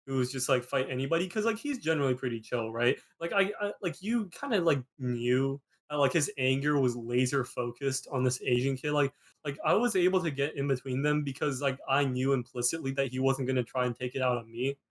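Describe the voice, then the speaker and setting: A man's voice: medium pitch, brisk, few pauses. Rambling young man telling a story. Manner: rambling, peppered with "like", animated retelling. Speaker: podcast host. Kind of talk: casual storytelling chat.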